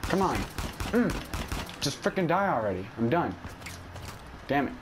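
A man's voice: a little high, big pitch swings, a little slow, noisy background. A man giving casual, self-mocking commentary while playing a video game, yelping in panic when things go wrong. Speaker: gaming YouTuber. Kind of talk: casual let's play commentary.

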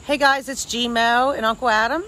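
A woman's voice: a little high, fairly even intonation, moderate pace, pushed and bright, a little hiss or hum, rough recording. A woman recording a casual, jokey video message of congratulations with a family member. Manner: jokey, cheerful.

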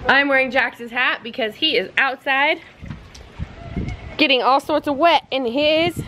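Her voice sits high and sounds bright and forceful, yet she takes her time. A young mother making a family vlog at home and in the yard, she chats casually and sing-songs playfully to her toddler over a noisy, windy home recording.

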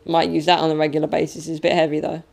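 A man's voice: a little high, monotone, racing, creaky, darkish tone. A young man from England chatting casually and jokingly to a handheld camera at home. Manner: joking, playful, makes sound effects. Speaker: vlogger. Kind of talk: casual vlog chat. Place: home, indoors.

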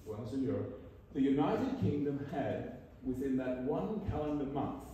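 A man's voice: mid-range voice, expressive, normal speed, dark tone, slight background noise. Older Australian man telling a wry story in a hall. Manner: dry wry storytelling, acts out quoted lines. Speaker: guest speaker at an annual meeting. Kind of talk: prepared address with anecdotes. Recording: echoey hall from a distance.

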